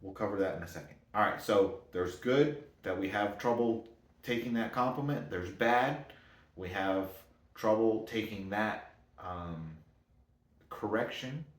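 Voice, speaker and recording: In an echoey room, a man delivers an easygoing motivational talk in a lowish, unhurried voice. His sentences ramble loosely, and he keeps stopping to correct himself.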